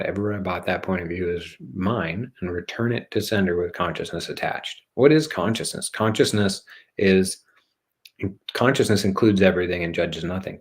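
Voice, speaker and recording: A man hosting a spiritual talk show, rambling playfully in a casual monologue, joking and swearing now and then. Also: sits low. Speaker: host of a spiritual channel show.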